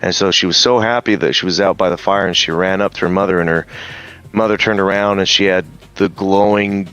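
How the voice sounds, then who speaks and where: A man's voice: deep voice, fairly even intonation, fairly quick, a bit bright, clean tone, lo-fi sound. A man casually retelling a story, hesitant with many ums and some swearing. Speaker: streamer.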